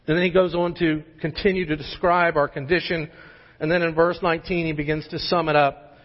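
Emphatic high-voiced male preacher. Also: flat delivery, brisk. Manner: emphatic preaching with repeated rhetorical questions. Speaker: pastor. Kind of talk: sermon. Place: church sanctuary. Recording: muffled sermon audio in a large hall.

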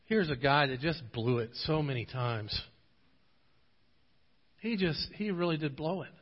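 A male pastor preaches in a church, his fairly high voice trailing into a long hall echo. The audio is a bit dull and muffled. He moves from fervent, pleading prayer to easy, conversational storytelling. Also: a little slow. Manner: passionate, swelling to pleading intensity in prayer passages; relaxed storytelling in anecdotes. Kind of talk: sermon. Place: church sanctuary.

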